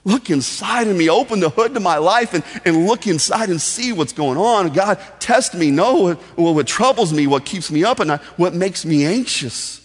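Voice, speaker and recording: A man's voice: high-pitched, lively intonation, normal speed, hardly any pauses, breathy edge. A man preaching a sermon in an earnest, conversational way, acting out simple prayers. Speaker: pastor. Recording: long hall reverb.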